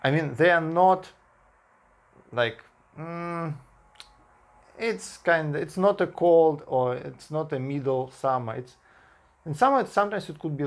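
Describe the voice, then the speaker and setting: A man from Russia with a Russian accent, a native Russian speaker talking in English in a casual vlog, pausing and restarting often with simple grammar. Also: fairly high pitch, gravelly. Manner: halting speech with frequent restarts and simple grammar. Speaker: vlogger.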